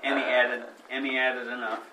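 A man's voice: mid-range voice, level tone, normal speed, bright, forceful tone, low-quality recording. A man throwing brief, dry remarks into a casual family podcast chat from away from the microphone.

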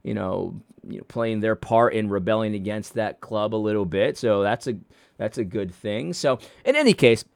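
This commentator's lowish, gravelly voice comes at a normal speed with no room sound. Speaking casually and emphatically to his viewers, he explains his opinions while frequently restarting and stumbling over repeated words.

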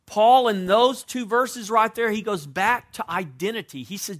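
A man preaching a sermon as pastor, with dynamic delivery that moves between loud emphasis and quiet, conversational asides. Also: sits high, animated, a little slow, few pauses. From United States.

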